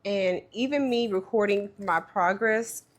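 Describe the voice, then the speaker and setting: A woman's voice: medium pitch, measured pace. Chatty woman vlogging her cash budget. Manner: chatty, self-deprecating, talks to viewers directly. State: tearful, voice breaking. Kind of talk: casual talk-through while cash stuffing.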